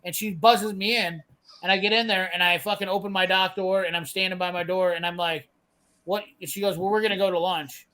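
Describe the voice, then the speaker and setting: A man's voice: high voice, steady tone, a little fast, sharp tone, poor audio. A man, ranting profanely and bluntly as he tells a work story in casual chat. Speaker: host telling a work story.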